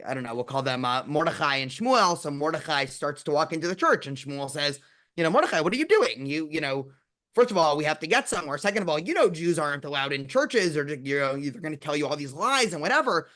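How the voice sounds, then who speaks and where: A man's voice: a little high, animated, fast talker, fairly bright tone. A man hosting a casual conversation as a rabbi, telling jokes in a chatty way. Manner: chatty, peppers speech with "you know". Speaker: rabbi and podcast host.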